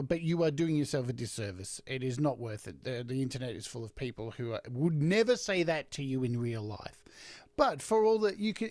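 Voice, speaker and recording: A woman's voice: low-pitched, darkish tone, dry recording. A woman speaking frankly and earnestly as a guest in a casual chat over a video call.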